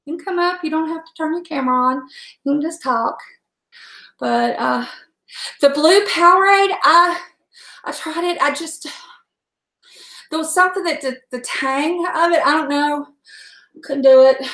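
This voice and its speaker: A home cook chats casually during a cooking livestream, rambling from one topic to the next and speaking frankly with an occasional salty word. She has a high voice with a fairly bright tone, recorded in an echoey room.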